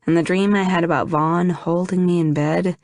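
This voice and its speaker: Lower-voiced woman narrating an audiobook. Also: fairly even intonation, moderate pace, no echo, studio quality. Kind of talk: first-person scripted narration.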